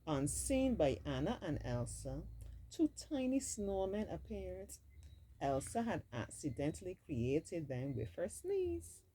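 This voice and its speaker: A woman's voice: fairly low pitch, big pitch swings, slow, dark tone, slight background noise, low-quality recording. A woman reading a storybook aloud expressively, dropping in casual asides of her own. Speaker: storybook reader.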